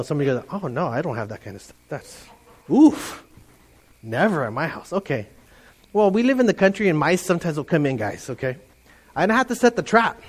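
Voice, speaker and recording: A middle-aged man preaching a lively sermon to his congregation, animated and playful, often mimicking voices. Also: fairly high pitch. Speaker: pastor.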